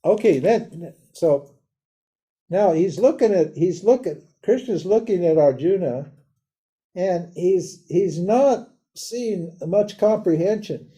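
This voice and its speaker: Older guy lecturing live, lively and jokey, high-ish voice, really dark mellow tone. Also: takes it slowly. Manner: casual, animated, laughs often, mimics voices. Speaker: Vedanta teacher.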